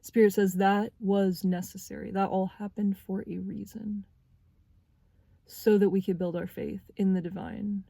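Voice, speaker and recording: A young woman in her twenties giving a spiritual tarot reading, speaking earnestly and haltingly as she searches for words. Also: medium pitch, flat delivery, gravelly, mellow, husky, dry recording. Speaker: tarot reader.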